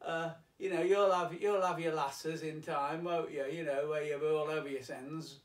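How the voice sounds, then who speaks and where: A man's voice: on the high side, steady tone, normal speed, lightly acted. A man doing a breezy flirtatious ladies' man. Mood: jovial. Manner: breezy, overfamiliar. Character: chatty flirtatious middle-aged man, ladies' man. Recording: roomy, distant, faint piano.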